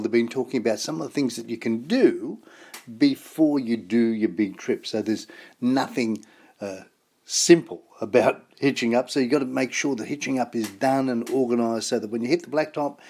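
A man's voice: medium pitch, normal speed, a little mellow. An Australian man hosting a radio show, chatting casually and reading an ad in an upbeat, repetitive way. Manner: chatty, upbeat, repeats himself. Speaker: radio host. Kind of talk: casual radio chat with ad reads.

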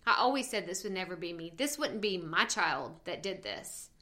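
A woman in her thirties, a podcast host, chatting casually and telling animated stories, full of "like" and "okay?". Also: fairly low pitch, moderate pace. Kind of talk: casual chat.

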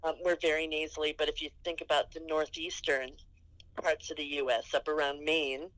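A woman's voice: sits low, level tone, brisk, fairly bright tone, no room sound, poor audio. A woman from Wisconsin, a podcast guest reading out listener questions and chiming in with friendly short reactions. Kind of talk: casual chat.

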